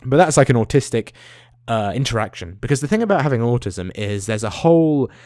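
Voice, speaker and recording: A man's voice: mid-range voice, expressive, brisk, a little mellow, dry recording, studio quality. A young man, ranting into the camera, swearing often and trailing off into tangents. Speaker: vlogger. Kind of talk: profane rambling rant.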